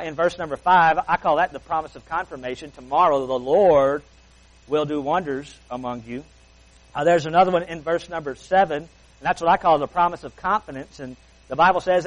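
A man preaching a sermon as pastor, emphatic, slowing down and stretching key words. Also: fairly high pitch, low-quality recording.

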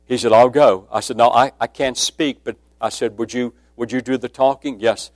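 A man preaching a sermon with a personal testimony, speaking emphatically and dropping to a hushed voice when quoting. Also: mid-range voice, fairly even intonation, normal speed, no echo.

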